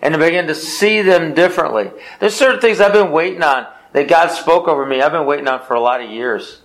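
A man's voice: fairly high pitch, a little fast, fairly bright tone, low-quality recording. Emphatic man teaching Bible study. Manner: repetitive, emphatic, answers his own questions.

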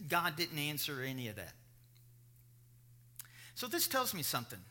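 Middle-aged male preacher, high ringing voice, animated sermon with stories. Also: moderate pace, long pauses. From Kentucky. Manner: animated preaching with storytelling asides. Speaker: pastor.

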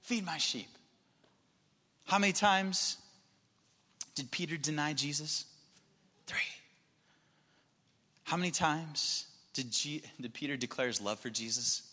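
A man's voice: fairly high pitch, a little slow, pauses often, sharp tone, long reverb tail. A man preaching a sermon as pastor, talking in an earnest, conversational way. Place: church sanctuary.

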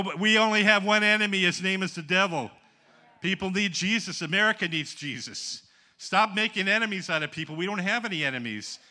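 Bright-voiced older man preaching a story sermon. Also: fairly high pitch. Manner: animated, acts out quotes, laughs at own stories. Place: church auditorium.

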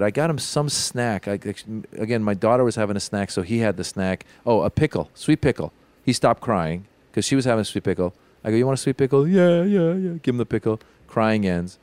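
Brief: male podcast co-host, smooth clear voice, dry close sound, animated storyteller acting out dialogue. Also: fairly low pitch, no room sound. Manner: animated storytelling, acts out dialogue, many "like" fillers. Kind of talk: casual comedic chat.

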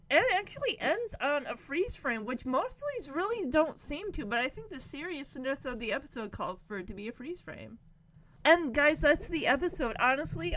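A woman's voice: on the high side, fairly bright tone. Gushing, choked-up woman reviewing a show. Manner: gushing, emotional, rambling. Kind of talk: casual reaction commentary.

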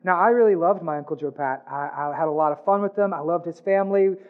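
A man preaching a sermon in an earnest way, rising on his questions and dropping soft and low on somber lines. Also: fast, narrow, tinny audio. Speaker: pastor.

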